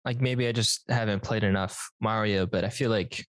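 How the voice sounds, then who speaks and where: Hesitant man, relaxed podcast co-host. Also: on the low side, dry recording. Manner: hesitant, halting, full of filler words. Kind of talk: casual chat.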